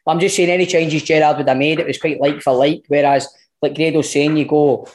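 A man with a Scottish accent, co-hosting a casual football podcast, talking bluntly with swearing and animated asides. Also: fairly high pitch, brisk. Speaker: podcast co-host.

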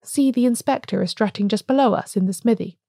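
A woman voicing a calm, wise male priest who speaks gravely and gently in an audiobook reading. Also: high-pitched, fast, dry recording, clean studio sound.

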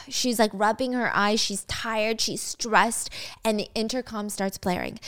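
A young woman casually retelling a drama's plot to viewers, animated, with playful asides. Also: medium pitch, a little slow, smooth. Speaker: video host retelling a drama. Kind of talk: casual story recap.

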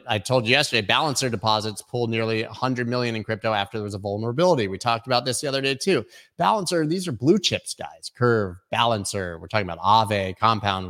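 A man's voice: fairly low pitch, a bit bright. A man hosting a weekly crypto news show, talking casually with many fillers and opinionated asides. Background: construction noise.

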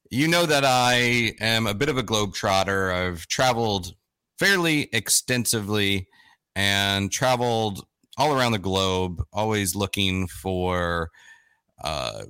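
A man's voice: on the low side, sharp tone, clean tone, dry recording. A man hosting a live-streamed interview, chatty and self-deprecating, with frequent fillers and restarts. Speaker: host.

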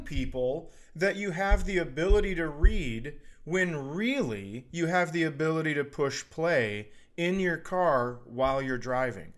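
A man's voice: fairly high pitch, animated, normal speed, hardly any pauses. A man co-hosting a podcast in casual comedic chat, ranting with profane exaggeration. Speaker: podcast co-host.

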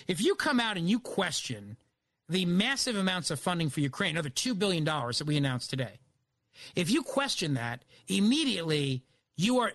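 Here a fill-in radio host speaks into a studio broadcast microphone, arguing his opinions emphatically and firing off plenty of rhetorical questions. He has a high-pitched, fairly bright voice, and there's no room sound.

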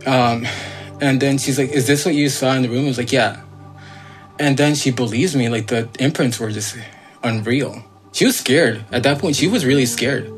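A man of ordinary pitch relays his own eerie experience as a guest, circling back on himself with fillers and half-finished words. He speaks earnestly and a little insistently, as if pressing to be believed. A faint bed of music sits under his voice. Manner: rambling, full of fillers and restarts. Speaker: guest telling his own encounter story. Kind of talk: casual spoken storytelling.

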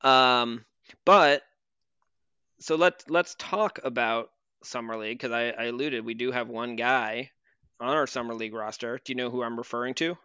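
Male podcast co-host, crisp bright voice, dry booth sound, relaxed rambling basketball talk. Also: mid-range voice, normal speed, no room sound, lo-fi sound. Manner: conversational with frequent fillers and restarts. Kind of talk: casual basketball chat.

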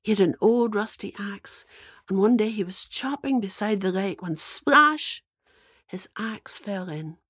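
An older woman with a Northern Irish accent telling a fairy tale to children in a lively, dramatic way. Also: mid-range voice, measured pace, slightly rough. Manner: lively, dramatic, playful asides. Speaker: storyteller. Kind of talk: storytelling to children.

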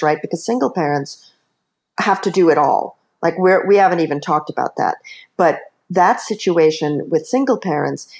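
A woman's voice: low-pitched, a little mellow. A woman author speaking as a podcast guest, explaining earnestly with many asides. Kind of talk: podcast interview.

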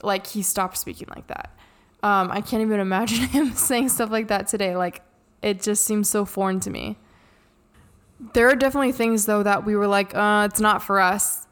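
A young woman co-hosting a podcast, chatting casually and telling stories in an animated way. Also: medium pitch, moderate pace. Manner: chatty, animated storytelling with frequent laughs. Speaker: podcast co-host. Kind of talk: casual chat.

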